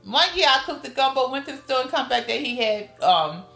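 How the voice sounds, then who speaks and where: A middle-aged woman with a New Orleans accent tells family stories with a storyteller's flair, her voice jumping high whenever she acts out what her relatives said. She sounds like she is in a roomy, echoing space, with soft music playing underneath. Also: brisk, gravelly. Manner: lively storyteller, acts out family quotes with big pitch jumps. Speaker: podcast guest. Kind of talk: casual storytelling interview. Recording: roomy room with faint music behind.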